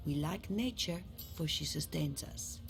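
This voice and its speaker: An actress playing a cool, reasoned dragon noblewoman in a video game, speaking in a measured, lofty way. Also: sits low, creaky, over music.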